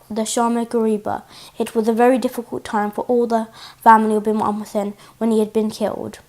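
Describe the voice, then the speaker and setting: A woman reading a religious story aloud for children, gentle and steady, with small restarts. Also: a little high.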